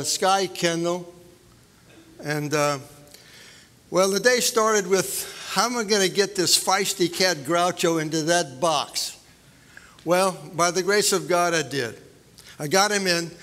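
A man's voice: sits high, bright, forceful tone. A man preaching as a pastor, praying and then telling a folksy story with many fillers. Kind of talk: sermon with prayer and personal story. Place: church. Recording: long church hall reverb.

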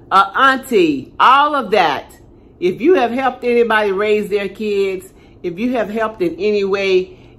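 An older woman, a channel host chatting casually and warmly to her viewers and repeating herself often. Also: mid-range voice.

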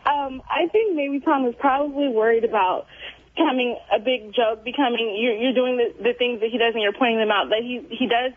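A woman's voice: fairly high pitch, fairly quick. A woman calling in to a radio show, gushing and giggly as she talks. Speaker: caller. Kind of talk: phone call to a radio show. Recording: tinny phone line.

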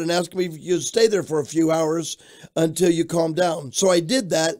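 An older pastor from Florida, telling his life story in an interview with an animated storytelling manner. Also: a little high, a little fast. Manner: animated storyteller who shouts out quoted lines.

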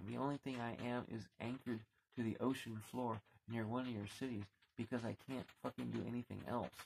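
Gravelly man ranting with heat. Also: mid-range voice, slight background noise, low-quality recording. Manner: heated, swearing, repeating words when worked up. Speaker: vlogger. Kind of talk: angry profane rant to camera. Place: on a boat at anchor.

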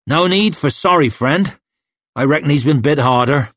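A man voicing a lean, sly Northman scout who speaks with a thick Northern accent in quick, clipped lines. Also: on the high side, lively intonation, fairly bright tone, no echo, voice pushed up. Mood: wry.

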